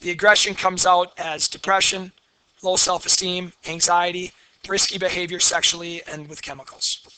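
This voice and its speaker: A man's voice: high voice, level tone, normal speed, pushed and bright, clear, resonant tone. A man, lecturing a class and telling candid, blunt personal stories. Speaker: teacher.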